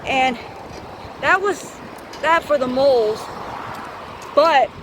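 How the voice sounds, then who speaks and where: A high-pitched woman in her thirties rambles through a profane, repetitive storytime. She is outdoors on a bike, and loud street traffic runs under her voice. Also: slow pace. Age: 30s. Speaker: vlogger. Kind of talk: storytime vlog.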